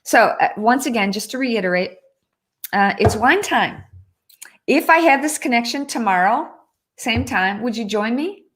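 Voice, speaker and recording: A woman's voice: a little high, expressive, measured pace. A woman hosting a casual livestream, chatting earnestly and reading out viewer comments, often breaking off and restarting. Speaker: livestream host.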